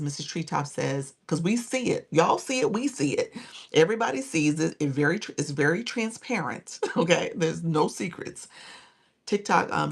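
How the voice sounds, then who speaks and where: A woman in her forties coaches viewers on a live stream, emphatic and chatty, thanking people by name and laughing often. Her voice is low-pitched and creaky with a breathy edge.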